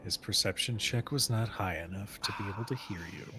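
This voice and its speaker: A man's voice: fairly low pitch, brisk, over music. A man running a tabletop game as game master, narrating scenes and making rulings for the players.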